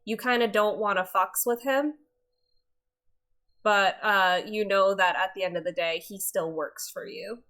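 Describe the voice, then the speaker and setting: A woman narrating a tabletop game as game master, casual and quick to laugh. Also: medium pitch, fairly bright tone.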